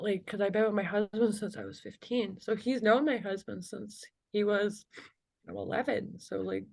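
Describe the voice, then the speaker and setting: A woman's voice: mid-range voice, darkish tone. A young woman speaking as an interview guest, retelling a personal story in a casual, unpolished way. Her sentences stop and restart, padded with "like" and "you know", and nervous little laughs break up the emotional moments. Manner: halting, filler-heavy speech with frequent "like" and "you know".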